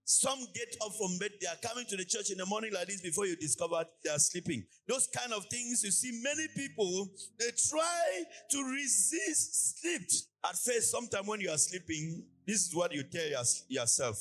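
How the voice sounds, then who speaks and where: A man from Cameroon preaching a sermon in a church, with a sing-song preaching cadence and lively illustrative asides. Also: sits high, fairly quick, hardly any pauses. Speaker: pastor.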